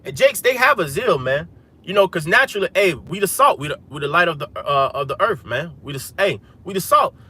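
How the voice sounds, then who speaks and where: A man's voice: on the high side, big pitch swings, brisk, sharp tone, slightly rough. A man hosting a livestream, preaching in a casual, emphatic way and filling his lines with "man" and "hey". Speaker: livestream host preaching to viewers. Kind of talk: casual religious street-preaching talk. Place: inside a vehicle.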